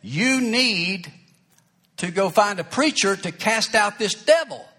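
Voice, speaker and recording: A man's voice: high voice, animated, slow, bright, forceful tone, pitched above the performer's own voice, heavily acted. A man voicing a pushy male friend who insists on finding a real preacher, dismissive and insistent.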